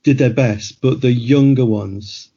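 A man's voice: medium pitch, measured pace, dark tone, slightly rough. A middle-aged man, a guest author, telling rambling anecdotes in casual conversation, laughing as he goes, on muffled lo-fi audio. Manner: rambling anecdotal storyteller, laughs mid-sentence.

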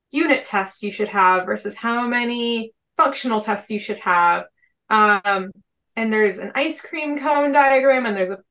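A woman's voice: mid-range voice, fairly bright tone. A woman speaking as a podcast panelist in a casual discussion, chatty and rambling with frequent fillers.

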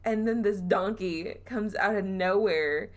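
A Southern US woman hosts a podcast, telling a spooky story in a casual, chatty way. Her mid-range voice keeps a measured pace, with frequent laughs and fillers.

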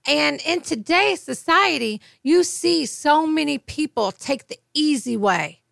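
A woman's voice: sits high, animated, unhurried, gravelly, fairly bright tone, no echo, clean studio sound. A woman co-hosting a faith podcast, telling stories emphatically and laughing often. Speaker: podcast co-host.

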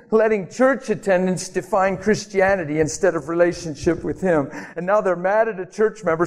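A man preaching a sermon in a storytelling way, animated, laughing often and acting out the voices of the people in his stories. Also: sits high, long reverb tail.

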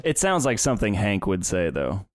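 A man's voice: on the low side, big pitch swings, moderate pace, no room sound. A man co-hosting a casual podcast, laid-back and wry as he guesses quiz answers. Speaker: podcast co-host.

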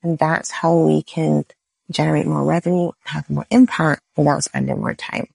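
A woman's voice: sits low, fairly even intonation, moderate pace, creaky, darkish tone, husky, dry recording. A woman who is a business lawyer, explaining legal ideas on a podcast with everyday analogies and frequent "right?" checks. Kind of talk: podcast interview.

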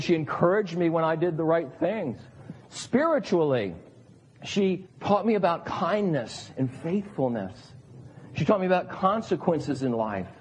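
A man's voice: on the high side, a little mellow, a little hiss or hum. A middle-aged man, a pastor, preaching an earnest sermon and acting out the voices of the people he quotes. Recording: long hall reverb.

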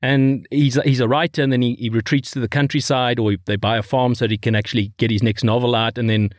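A man's voice: medium pitch, little pitch movement, quick pace, dry recording, clean studio sound. A married man co-hosting a podcast, chatting casually about old comedy movies, rambling and laughing at his own stories. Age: adult, married. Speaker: podcast co-host. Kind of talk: casual chat.

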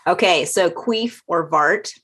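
A woman's voice: on the low side, takes it slowly, fairly bright tone, breathy edge. A woman co-hosting a podcast who also teaches yoga, reading slang definitions aloud and adding dry remarks in casual chat. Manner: reads terms out, dry remarks.

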